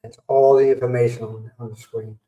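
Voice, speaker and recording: Hosting a casual stream from home, a man tells stories with energy and performs what people said in a mid-range voice that runs a little fast. The audio is dull and roomy, captured by a mic set well back from him.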